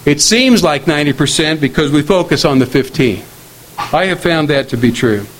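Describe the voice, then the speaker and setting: A middle-aged man preaching a sermon on marriage in a measured, earnest way, slowing down to quote scripture. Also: fairly high pitch, expressive, slight background noise, low-quality recording.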